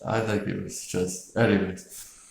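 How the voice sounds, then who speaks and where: A man's voice: deep voice, little pitch movement, measured pace, gravelly, a little hiss or hum. A man casually reviewing a horror film in a loose, rambling, profane way, with frequent chuckles and filler words. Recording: echoey room.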